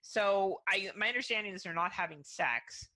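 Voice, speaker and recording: A woman's voice: mid-range voice, moderate pace, pushed and bright. A woman co-hosting a podcast in casual chat, candid and swearing freely, thinking aloud with lots of "like"s. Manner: talkative, thinks aloud with many "like"s. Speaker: podcast co-host.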